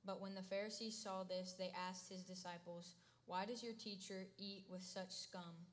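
A woman reading scripture aloud during a sermon at a steady, measured pace. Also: medium pitch.

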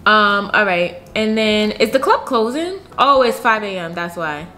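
A gaming YouTuber comments casually on her life-sim game in a let's-play, her mid-range voice animated, unhurried, pushed and bright. She's chatty, slangy and giggly, with soft music playing behind her.

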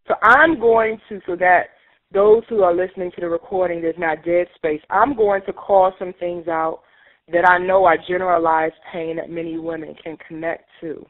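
A woman's voice: on the low side, fairly even intonation, moderate pace. Urging woman on a tinny conference call. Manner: emphatic, urging, rising to near shouts. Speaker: workshop leader. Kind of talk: guided emotional release exercise. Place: teleconference call.

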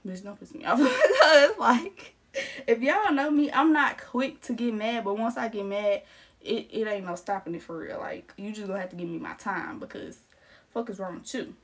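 A woman's voice: a little high, expressive, moderate pace, a bit bright, slightly rough. A young adult woman telling a storytime vlog in casual, slangy chat, laughing often and acting out the quotes. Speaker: storytime vlogger.

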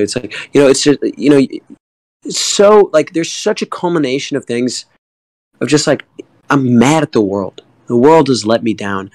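A young man speaking candidly and emotionally in a community AMA. He tells a personal story in halting bursts, with many fillers and some swearing. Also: medium pitch, a little mellow, no room sound, poor audio. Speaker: guest artist in a community AMA.

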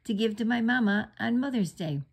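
A woman's voice: a little high, animated, a little fast, slightly rough. A woman reading aloud and voicing Roo, a small, eager young male kangaroo from a storybook.

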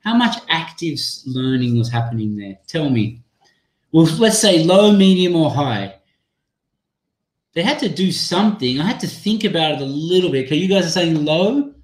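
A man's voice: fairly high pitch, expressive, moderate pace. Chatty man presenting a webinar, echoey. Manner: chatty, apologetic, thinking aloud while demoing an app. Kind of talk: live online teacher-training webinar. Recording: echoey room sound.

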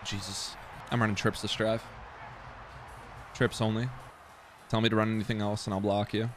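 A man's voice: on the low side, level tone, normal speed, over music. A young man muttering casual commentary to himself while streaming a football video game, self-deprecating and swearing.

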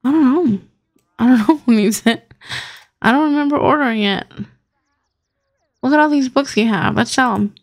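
A woman's voice: high-pitched, moderate pace, long pauses, no room sound, clean studio sound. A young woman hosting a gaming channel, chatting casually as she plays and talking to her game characters. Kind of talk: casual gameplay commentary.

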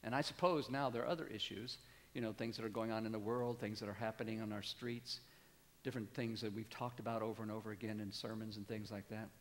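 A pastor in his sixties preaching a sermon, animated, climbing to emphatic peaks and dropping low. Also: quick pace. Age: 60s. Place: church sanctuary. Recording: long church reverb.

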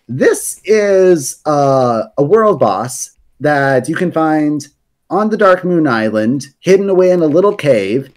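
A man's voice: fairly high pitch, a little mellow. Rambling man explaining game lore. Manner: rambling, frequent fillers and restarts.

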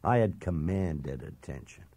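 A man's voice: low-pitched, expressive, unhurried, mellow, dry recording. A man narrating a first-person memoir audiobook in a blunt, self-assured, emphatic way.

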